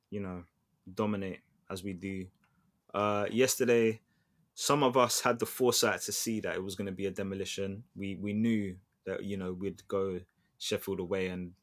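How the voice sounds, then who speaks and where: A man co-hosting a football podcast, telling stories in a loose, slangy, chatty way. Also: fairly low pitch. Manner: chatty storyteller, slangy, restarts often. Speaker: podcast co-host. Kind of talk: casual football chat.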